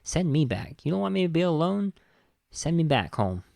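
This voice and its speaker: A man's voice: a little high, sing-song, normal speed, vocal fry, a little mellow, dry recording, studio quality, voice pushed up. A man quoting and mimicking the lines of a young male warrior from a film, in a solemn tone. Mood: earnest. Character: earnest young male warrior from an 18th-century tribe.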